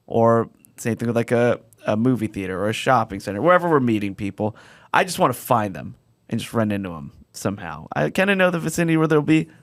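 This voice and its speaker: A man chatting casually as a podcast co-host, his voice leaping higher whenever something excites him. He sits at a middle pitch and is recorded close on a dry mic. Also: fast, no echo. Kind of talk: casual chat.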